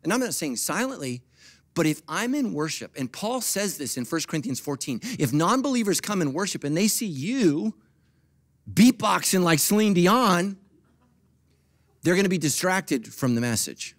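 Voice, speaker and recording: Animated preaching pastor, man. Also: on the high side, normal speed. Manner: animated preaching with big swings from soft to loud; humorous asides to the congregation. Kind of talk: sermon.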